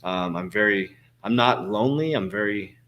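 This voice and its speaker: A man's voice: lowish voice, moderate pace, fairly bright tone. A man in his forties, a crypto coach answering viewer questions in a casual livestream, rambling and swearing, with many fillers and restarts. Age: 40s.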